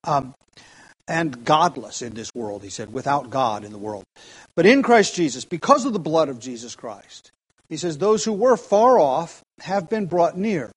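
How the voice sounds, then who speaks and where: A man with a slightly raised voice teaches an expository sermon. He talks in halting phrases, repeating words and filling gaps with ums, then presses his points with more force. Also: on the high side, slightly rough. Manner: halting, repeats words, many fillers, grows emphatic. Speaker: pastor.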